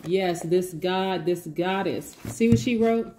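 Woman doing a tarot reading, big energy, says y'all a lot, mellow lowish voice. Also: slow pace, a little hiss or hum. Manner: lively, hypes viewers with call-and-response affirmations; casual, says y'all, laughs often. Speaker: tarot reader.

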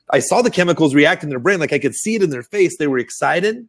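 Man, middle-aged, co-host, casual web chat, animated storyteller, imitates voices. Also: a little high, quick pace, few pauses. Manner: animated storyteller who acts out other people's voices. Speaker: co-host of a marketing show.

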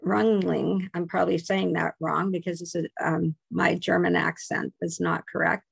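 Gravelly-voiced woman giving a history talk. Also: on the low side, dry recording. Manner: informal, chatty asides and self-corrections. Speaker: museum program manager. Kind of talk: slide presentation lecture.

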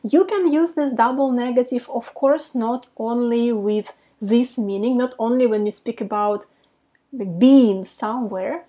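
Casting: woman language teacher, native Russian speaker, fairly high voice, unhurried, enunciates carefully. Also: warm tone. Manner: slow, careful pronunciation of example phrases. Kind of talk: casual online language lesson.

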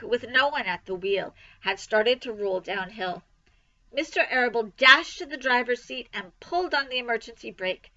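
Woman storybook reader, bright, slightly muffled recording. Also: fairly high pitch. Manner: expressive, lively reading. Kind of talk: storybook read-aloud.

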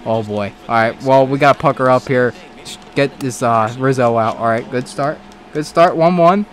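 A man giving casual let's-play commentary on a baseball video game, excitable, swearing and talking back to the game. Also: medium pitch, moderate pace. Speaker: gaming commentator.

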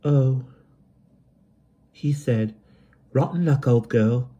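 A man's voice: medium pitch, extremely slow, mellow, breathy edge, highs cut off, pitched above the performer's own voice. A man voicing a shy, dreamy young woman who talks hesitantly and stammers. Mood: timid.

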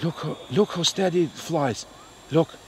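A man's voice: on the high side, unhurried, background noise. A man hosting a radio-control flying video outdoors, exclaiming, repeating himself and tagging lines with "eh?" as he flies a model jet. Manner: exclaims, repeats words, tags "eh?". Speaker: RC pilot and channel host. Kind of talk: excited outdoor flying commentary. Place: open field outdoors.

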